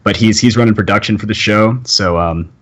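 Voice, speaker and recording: This man from Texas, a podcast host, keeps a live-stream chat relaxed, laughing often and filling his talk with fillers and false starts. He speaks on the low side and fairly quickly.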